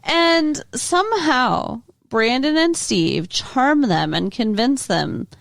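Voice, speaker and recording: A woman's voice: high-pitched, expressive, slow, gravelly, a bit bright, no echo, studio quality. A woman co-hosting a podcast in casual chat, blunt and incredulous, swearing freely. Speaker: podcast co-host.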